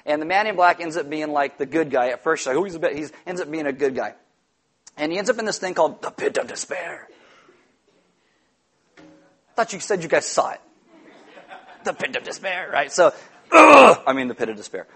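A man preaching a sermon, animated and jokey, telling stories with loud shouted impressions. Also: a little high, brisk, long pauses, husky. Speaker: pastor.

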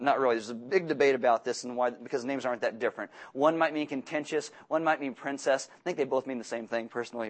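A man preaching a sermon as pastor, reading scripture and acting out the voices of its figures with lively, joking asides. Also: medium pitch. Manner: animated, acts out voices of biblical figures.

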